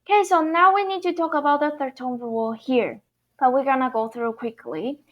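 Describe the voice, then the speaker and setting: A woman's voice: sits high, lively intonation, fairly quick, a bit bright, dull audio. A woman, teaching Mandarin tones online, patiently explaining step by step and repeating each word. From Taiwan. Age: 30s. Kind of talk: online language lesson.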